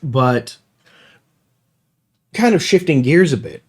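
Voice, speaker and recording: A man's voice: medium pitch, takes it slowly, noisy background. A man hosting a casual podcast, telling tabletop game stories with lots of laughter. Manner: animated storyteller, laughing often. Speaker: podcast host. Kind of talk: casual chat.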